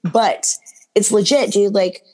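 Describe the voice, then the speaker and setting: A woman in her twenties chatting casually in a podcast studio, telling a story in an animated, slangy and profane way. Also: medium pitch, takes it slowly.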